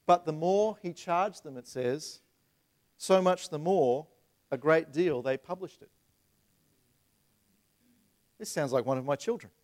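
Animated pastor preaching. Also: male voice, fairly high pitch, measured pace, pauses often. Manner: animated, rhetorical questions, repeats words; acts out voices in retold scenes. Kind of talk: sermon.

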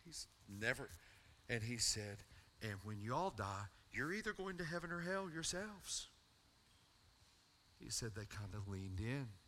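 A man's voice: medium pitch, big pitch swings, measured pace, pauses often, pushed and bright, slight background noise. A middle-aged man, a pastor telling a personal story in his sermon and building to a fervent altar call.

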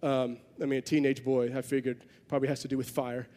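A man's voice: medium pitch, level tone, fast, warm tone, in a large hall. A man preaching a sermon, telling a story in a conversational way with self-deprecating humor. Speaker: pastor.

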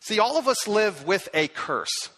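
A man preaching a sermon, telling the story with animated delivery and acting out the voices he quotes. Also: high-pitched, a little slow. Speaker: pastor.

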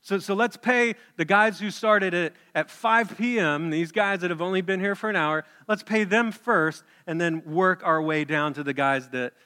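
A man's voice: high-pitched, moderate pace, few pauses, bright, forceful tone, clean tone, big-room sound. A man preaching a sermon as a pastor, telling the story in a conversational way and putting questions to the congregation.

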